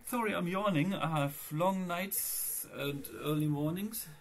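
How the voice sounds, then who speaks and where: This Linux vlogger's voice sits high and moves a little slowly. He chats casually in a screencast vlog about his computer setup, rambling and addressing his viewers directly.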